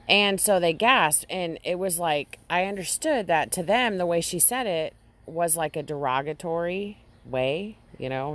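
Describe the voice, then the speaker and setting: A woman vlogger casually recounting a dream to her audience, halting often and restarting her sentences. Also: lowish voice, lively intonation. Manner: halting, with frequent restarts and fillers. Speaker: Christian vlogger.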